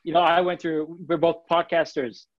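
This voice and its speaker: A man co-hosting a casual podcast chat, talking in an animated way and often restarting his phrases. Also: a little high, normal speed, highs cut off. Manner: animated, restarts phrases, reads listener comments. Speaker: podcast co-host.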